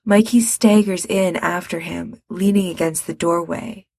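A woman reading a story aloud, narrating the scene in an even storytelling manner. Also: fairly low pitch, unhurried, creaky, slightly rough, dry recording.

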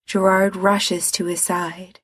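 A woman reading fiction aloud in a calm, measured way. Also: mid-range voice, breathy edge, no echo, studio quality. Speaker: reader.

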